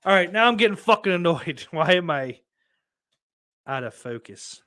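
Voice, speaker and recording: A man's voice: high-pitched, animated, normal speed, sharp tone. A man hosting his own podcast, chatting casually and reading out viewer comments, rambling, swearing often and mocking himself. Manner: rambling and heavily profane, self-mocking. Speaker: podcast host.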